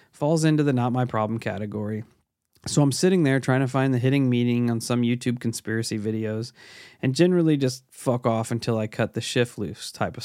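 A man's voice: medium pitch, darkish tone, dry recording, clean studio sound. Laid-back man reading a story. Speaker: podcast host. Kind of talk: casual chat and reading a listener story aloud.

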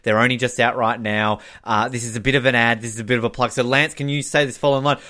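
A man co-hosting a podcast, rambling, animated and casual with lots of fillers. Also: medium pitch, fast, hardly any pauses. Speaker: podcast co-host. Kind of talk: casual recap chat.

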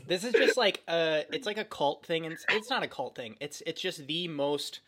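A man's voice: on the high side, expressive, moderate pace, fairly bright tone. Rambling podcast host, man. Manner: rambling, heavy use of "like". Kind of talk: casual podcast chat.

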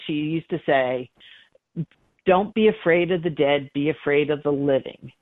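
Middle-aged woman medium telling stories, lively, does all the voices in them, sounds like a phone call, dry. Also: lowish voice, dry recording. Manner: animated, acts out dialogue in her stories. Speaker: psychic medium guest. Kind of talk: conversational interview storytelling. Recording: dry tinny phone-like line.

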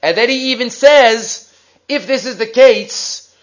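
A man's voice: extremely high pitch, measured pace, a bit bright, highs cut off. A man giving a Torah class, reading Hebrew sources aloud and explaining them in English, asking and answering his own questions. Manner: mixes Hebrew and Aramaic quotes into English. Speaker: Torah teacher.

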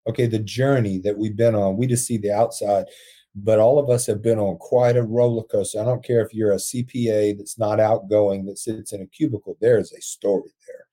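Earnest man with a dark, husky voice. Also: on the low side, fairly even intonation, fairly quick. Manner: earnest, emotional storyteller who laughs often. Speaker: podcast guest, prison ministry founder. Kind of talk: storytelling in conversation.

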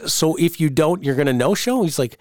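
A man hosting a wrestling podcast, telling stories in a casual, animated way and jumping into the voices of the people he quotes. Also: fairly high pitch, fairly quick, dry recording, studio quality. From Canada. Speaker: podcast host, wrestling promoter. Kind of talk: casual storytelling chat.

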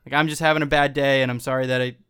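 Smooth-voiced man reflecting calmly. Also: medium pitch, racing. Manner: reflective, agreeable, sums up the other's point. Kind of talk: casual chat.

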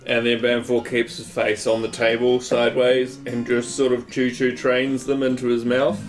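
A man playing in a tabletop game, joking playfully with loud comic outbursts. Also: mid-range voice, monotone, moderate pace. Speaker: player. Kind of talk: casual tabletop role-play. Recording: music bed behind the talk.

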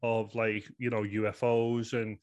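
A man's voice: lowish voice, little pitch movement, unhurried, a little mellow. A man in his thirties with a Liverpool accent, earnestly telling a personal story in a rambling way, full of "you know" fillers. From England. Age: 30s. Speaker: guest.

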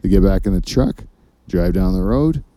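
A man's voice: low-pitched, expressive, normal speed, dark tone. A man hosting a casual comedy podcast, telling long rambling stories full of swearing. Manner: rambling, profane storyteller. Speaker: podcast host.

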